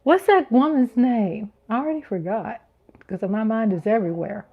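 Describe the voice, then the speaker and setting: Woman, 50s, higher voice, playful livestream host, giggly, sings little riffs. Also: normal speed, phone-quality sound. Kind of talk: casual livestream chat reading comments.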